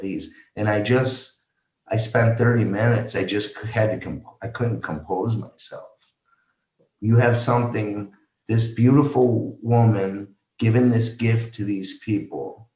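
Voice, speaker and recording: Man, slow halting storyteller, low voice, echoey room. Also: steady tone, darkish tone. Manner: slow, halting retelling with restarts and quoted dialogue. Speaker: podcast guest. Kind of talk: emotional personal storytelling.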